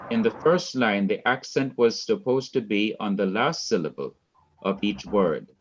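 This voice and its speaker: A man teaching a Hebrew class, explaining slowly and repeating key points for his students. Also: on the low side, muffled recording, a little hiss or hum. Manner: slow, repetitive, deliberate explaining. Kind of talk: classroom lecture.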